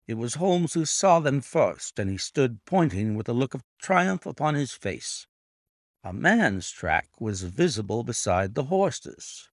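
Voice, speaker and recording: A man narrating a classic detective story aloud with expressive storytelling. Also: medium pitch, unhurried, no echo, studio quality. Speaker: narrator and annotator. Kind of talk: audiobook narration.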